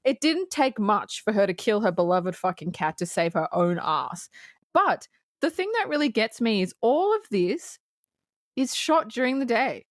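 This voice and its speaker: A woman co-hosting a casual movie review podcast, cursing freely, laughing often and acting out scenes in quick voices. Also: medium pitch, very animated, no echo, clean studio sound. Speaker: podcast co-host.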